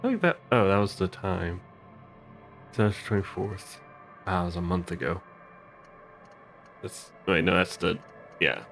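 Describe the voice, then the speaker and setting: A man's voice: sits low, measured pace, long pauses, a bit bright, faint music behind. A man streaming a video game, thinking aloud in a rambling, giggly way. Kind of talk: casual gameplay commentary.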